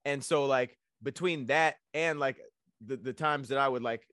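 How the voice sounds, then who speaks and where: A man's voice: medium pitch, moderate pace, fairly bright tone, no echo, studio quality. A man co-hosting a casual group podcast, rambling with lots of fillers and frequent laughter. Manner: filler-heavy, laughs a lot. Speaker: podcast co-host.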